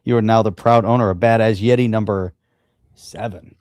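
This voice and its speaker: A man's voice: fairly low pitch, fairly even intonation, normal speed, darkish tone, no room sound, studio quality. A man co-hosting a livestream in easygoing casual chat. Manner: easygoing, running a giveaway. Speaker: livestream co-host.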